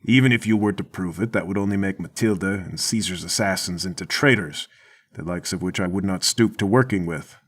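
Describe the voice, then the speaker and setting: A man's voice: sits low, fairly quick, voice pushed down. A man voicing a stubborn, hulking prison boss in a tabletop game, stern and formal.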